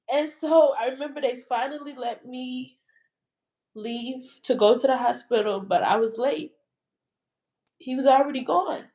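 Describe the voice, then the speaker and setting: A woman's voice: high voice, a little slow, dark tone, poor audio. A woman being interviewed, telling a personal story in a rambling, emotional way with many fillers. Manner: rambling, emotional retelling full of "like". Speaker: interview guest.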